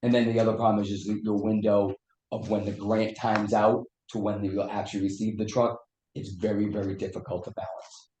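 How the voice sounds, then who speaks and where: Hoarse, low-voiced fire chief. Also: male voice, flat delivery, fairly quick, a little mellow. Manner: earnest, explains at length with small restarts. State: hoarse, losing his voice. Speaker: fire chief presenting a budget request. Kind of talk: public meeting testimony. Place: town meeting room. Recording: echoey meeting room.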